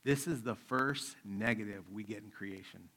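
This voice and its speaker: Middle-aged pastor guy preaching, gravelly voice, chatty storytelling style. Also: lowish voice, moderate pace, a bit bright. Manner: conversational preaching, acts out his kids' voices. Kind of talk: sermon.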